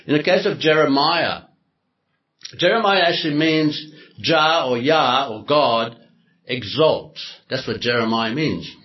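Sermon preacher, male, pitch slightly high, deliberate explainer, roomy lo-fi hall recording. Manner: explanatory, deliberate, repeats words. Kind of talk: sermon teaching to a congregation. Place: hall with a congregation. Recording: echoey hall, dull lo-fi sound.

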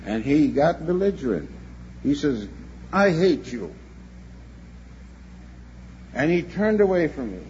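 A man's voice: on the high side, sing-song, normal speed, dark tone. An older man preaching a sermon to a convention. He tells a story earnestly and sometimes repeats himself as he goes. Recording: dull lo-fi recording with faint hum.

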